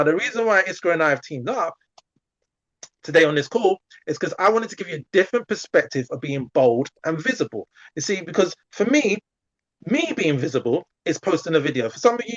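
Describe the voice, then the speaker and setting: A man coaching on a video call, chatty and animated, acting out little examples as he talks. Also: a little high, no echo, lo-fi sound. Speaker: community coach. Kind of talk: live video call masterclass.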